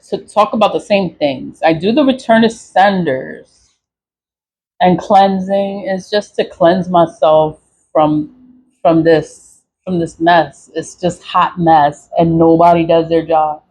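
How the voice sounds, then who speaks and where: A woman's voice: fairly low pitch, fairly even intonation, slow, a little mellow, poor audio. A woman vlogger venting to camera in a profane, repetitive rant, with short laughs and sighs. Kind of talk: angry venting monologue to camera.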